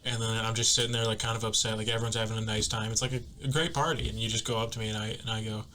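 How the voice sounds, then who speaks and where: A man's voice: lowish voice, little pitch movement, racing, sharp tone, slight background noise. A young man co-hosting a casual podcast, laughing often and acting out quotes as he tells stories. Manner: laughing storyteller, acts out quotes. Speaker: podcast co-host. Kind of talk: casual chat.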